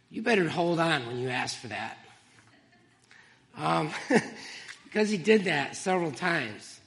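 A man giving an emotional, halting church testimony, with fillers and small laughs. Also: fairly high pitch, vocal fry, a bit bright, big-room sound.

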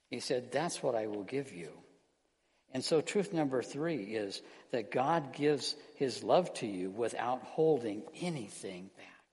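A man preaching an earnest sermon as pastor, slowing down and softening his voice on key words. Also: mid-range voice. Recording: long hall reverb.

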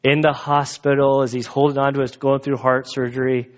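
Speaking fairly quickly at a medium pitch with little rise and fall, a pastor delivers an expository sermon to his church. His tone is earnest and conversational, the setting is the sanctuary, and the audio is dull and lo-fi.

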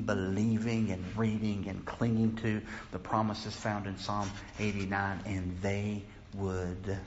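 A man's voice: on the low side, slight background noise. A male preacher delivering a sermon earnestly, often rising to impassioned pleading as he reads scripture aloud. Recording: slightly dull, lo-fi with faint ambience.

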